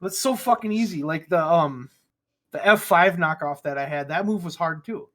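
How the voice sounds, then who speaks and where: A man co-hosting a casual podcast chat, who swears freely and laughs through animated stories. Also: on the high side, normal speed. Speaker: podcast co-host.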